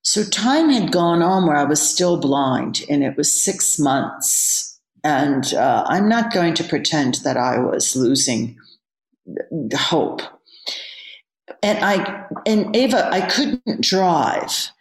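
A woman's voice: low-pitched, very animated, slow pace. A woman, a yoga teacher, telling a candid personal story as an interview guest. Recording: roomy echo.

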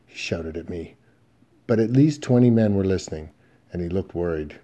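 Man, audiobook narrator, western story, steady measured delivery, low pitch, dark mellow tone. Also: highs cut off.

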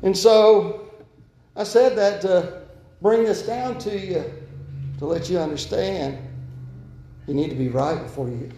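An earnest man preaches in a church, his voice set a little higher than most men's. His delivery swings between loud urging and hushed pleading, and the sanctuary around him rings with echo. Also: unhurried, pauses often, a little hiss or hum. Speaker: pastor. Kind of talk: sermon. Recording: echoey church room.

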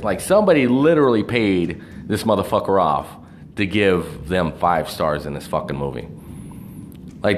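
A man's voice: fairly low pitch, slight background noise. A man ranting casually about movies, profane and rambling, with lots of fillers and restarts. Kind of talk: casual movie review rant.

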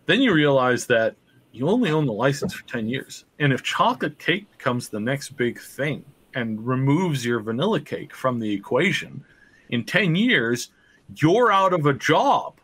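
A man's voice: mid-range voice, normal speed. A man co-hosting a gaming podcast, talking animatedly and building out a theory in casual chat. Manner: animated, talks himself into theories. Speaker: podcast co-host.

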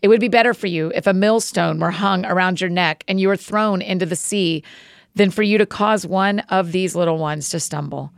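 A woman hosting a podcast, greeting listeners warmly and then reading scripture aloud at a steady pace. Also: on the low side, moderate pace, vocal fry, no echo, studio quality. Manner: friendly, encouraging intro then steady reading.

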